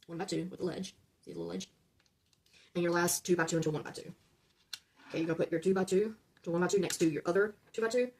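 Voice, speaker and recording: A woman's voice: on the low side, steady tone, rapid-fire, long pauses, a little mellow, a little hiss or hum. A woman hosting a casual build-along, talking viewers through each step, often checking in with "okay?" and stumbling over numbers and correcting herself. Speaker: LEGO build-along host.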